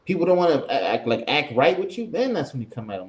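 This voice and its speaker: A young man co-hosting a casual podcast, telling a long, animated, profane anecdote full of reported speech. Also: fairly high pitch, fast. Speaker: podcast co-host. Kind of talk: casual storytelling chat.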